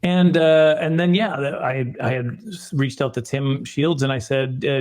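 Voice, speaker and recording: A man's voice: medium pitch, unhurried, hardly any pauses, darkish tone. A man, a film producer, telling a long rambling story in a casual interview, self-deprecating and often restarting his sentences.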